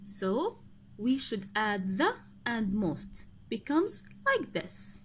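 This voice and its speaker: A woman's voice: fairly high pitch, big pitch swings, very slow, fairly bright tone, a little hiss or hum. A woman English teacher going through a grammar exercise step by step, asking pupils questions as she explains. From Oman. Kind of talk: recorded grammar lesson.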